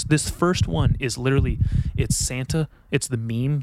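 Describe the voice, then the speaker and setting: A man's voice: mid-range voice, darkish tone, slight background noise. A man hosting a solo podcast, rambling casually with lots of swearing and self-mockery. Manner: profane, rambling, self-mocking. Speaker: podcast host.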